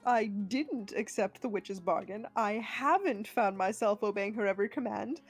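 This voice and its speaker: A woman's voice: medium pitch, moderate pace, breathy edge, faint music behind, pitched below the performer's own voice, natural voice. A woman voicing a haughty noble patrician under a witch's curse, improvising during a game stream with prim, snooty denials in a mock-posh voice. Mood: pointedly denying.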